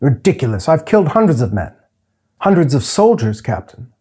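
A man's voice: medium pitch, very animated, moderate pace, dark tone, slightly rough. A man reading aloud, voicing a hard, bitter soldier captain who talks in curt, harsh bursts. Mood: troubled, angry.

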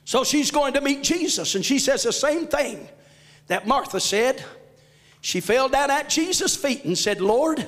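Man, pastor, fervent church sermon, very high voice, lively pitch. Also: unhurried, long reverb tail. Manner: fervent preaching, often shouting. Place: church sanctuary.

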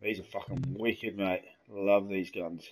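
A man's voice: low-pitched, fairly even intonation, measured pace. A young man giving casual gameplay commentary, joking and swearing with friends. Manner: swearing, laughing banter. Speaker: gaming host.

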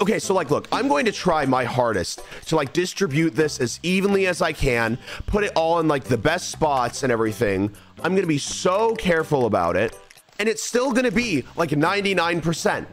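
A young man streaming a game live, talking restlessly to himself, mocking himself and repeating phrases, with faint music behind. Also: a little high. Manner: restless, self-mocking, repeats phrases under his breath. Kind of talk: live gameplay commentary.

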